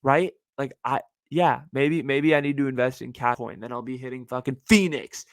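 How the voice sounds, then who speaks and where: He talks at a normal speed with few pauses, the recording dry. A young adult podcast host on a casual solo rant, he swears, uses slang, and animatedly breaks into high-pitched mocking voices.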